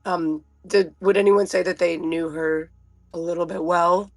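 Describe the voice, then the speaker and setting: A player in a tabletop game, polite and halting, voice recovering from a sore throat. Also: mid-range voice, steady tone, creaky, dry recording, faint music behind.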